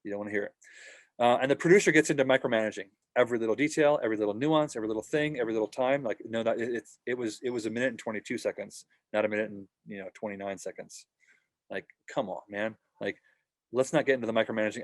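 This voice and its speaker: A man's voice: fairly low pitch, fast talker, no echo. A man teaching a worship team workshop in a casual, conversational way, often acting out short voiced examples.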